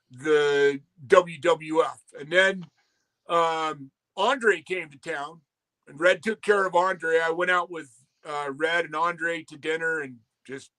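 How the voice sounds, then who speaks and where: A man in his sixties who used to wrestle swaps rambling, salty stories as a guest, mimicking the quotes of people in them. It's casual storytelling. He sounds bright and forceful, his voice on the high side.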